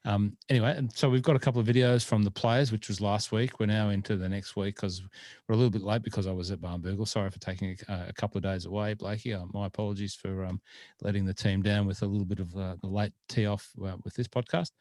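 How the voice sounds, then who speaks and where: Male podcast host, lowish voice, dry close sound, rambling friendly chat. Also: steady tone, quick pace, darkish tone, no room sound. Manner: chatty, rambling, lots of fillers. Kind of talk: casual chat.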